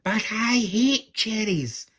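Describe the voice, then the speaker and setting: A man voicing a hot-tempered little male dwarf who shouts rudely, in a storybook reading. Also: medium pitch, moderate pace, lightly acted. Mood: shouting. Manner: loud, shouting.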